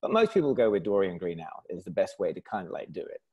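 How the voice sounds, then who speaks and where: A man with a southern English accent, a company founder chatting as a guest in an interview over a video call, talkative and quick to laugh. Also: deep voice, very animated, dark tone, husky. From south of England. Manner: chatty, laughs easily, frequent restarts. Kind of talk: casual interview chat.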